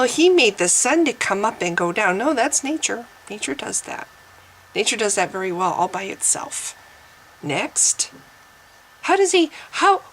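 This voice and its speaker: A woman's voice: a little high, fairly bright tone, a little hiss or hum, low-quality recording. A woman talking straight to camera in an opinion vlog, sarcastic and argumentative, often repeating herself as she presses her point. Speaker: vlogger.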